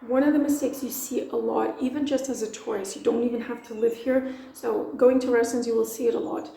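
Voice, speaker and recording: A woman's voice: a little high, steady tone, a little fast, gravelly, mellow, reverberant, rough recording. A woman from Portugal, teaching in a casual, playful way with lots of examples. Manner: chatty, playful, explains with examples. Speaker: language teacher. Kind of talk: casual video lesson.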